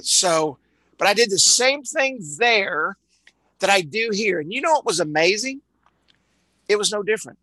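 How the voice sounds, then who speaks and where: In a high, bright, forceful voice, a Texan-accented man from Dallas rambles through a live online sales training, repeating words and saying uh often. The recording is dry and low in quality.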